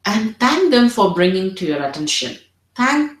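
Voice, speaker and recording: A woman's voice: medium pitch, sing-song, a little slow. A woman tutoring doctors in an earnest teaching presentation, often repeating her words as she models empathetic phrases. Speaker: medical exam tutor. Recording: roomy echo.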